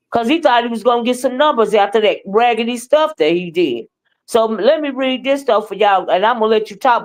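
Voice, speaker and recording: Brief: woman host, blunt and scolding, swears freely, voice sits a little high. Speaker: live stream host. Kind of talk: heated casual commentary.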